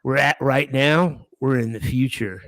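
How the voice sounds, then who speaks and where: A man's voice: medium pitch, a little slow, fairly bright tone. A man co-hosting a comedy podcast, chatting casually in a rambling way with restarts. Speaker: podcast co-host.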